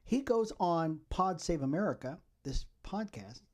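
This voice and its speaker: A man's voice: a little high, very animated, moderate pace, few pauses. A man hosting a solo political commentary podcast, talking in a rambling way and often checking in with "okay?". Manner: rambling, repeats "okay?" to the listeners. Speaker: podcast host.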